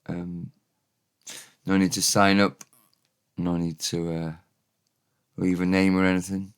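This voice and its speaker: A man giving a relaxed, off-the-cuff vocabulary lesson, repeating each word for learners. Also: sits low, slow pace, clear, resonant tone. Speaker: Welsh language teacher.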